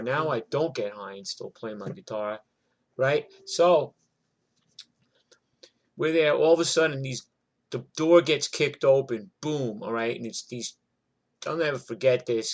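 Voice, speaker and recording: A man's voice: medium pitch, fairly bright tone. A middle-aged man telling a story from his past in a rambling, profane way, full of fillers and asides. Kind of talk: casual spoken storytelling.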